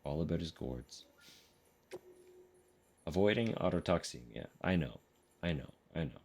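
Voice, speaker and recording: Deep-voiced man muttering dry asides. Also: animated, a little slow, long pauses, darkish tone, breathy edge. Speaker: streamer playing a game. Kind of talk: casual asides while reading in-game messages.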